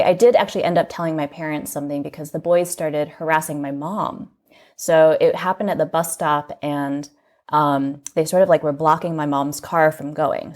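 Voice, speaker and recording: A woman from the United States, a magazine editor and podcast guest, recounting personal memories in an earnest, reflective way, often filling pauses with "like". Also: sits low, darkish tone. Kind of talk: candid personal storytelling in an interview.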